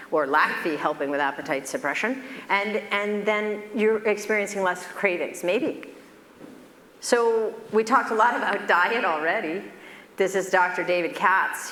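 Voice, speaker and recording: A woman physician giving a conference keynote, lecturing conversationally and telling stories in an animated, expressive way. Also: lowish voice, slight background noise. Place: large lecture hall. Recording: echoey hall with long reverb, faint ambience.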